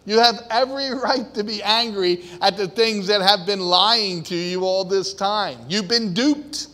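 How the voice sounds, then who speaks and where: A man preaching a sermon with great passion, swinging from hushed, deliberate lines to loud, emphatic ones. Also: high-pitched. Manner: impassioned, swinging from quiet to shouting. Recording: long reverb of a hall.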